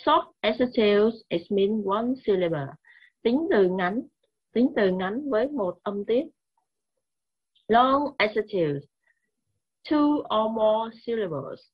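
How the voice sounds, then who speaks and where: Vietnamese-accented lady teacher going over grammar, super slow, muffled recording. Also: mid-range voice, animated, breathy edge. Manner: slow, repetitive, mixes languages. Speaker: English teacher. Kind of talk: classroom grammar lesson.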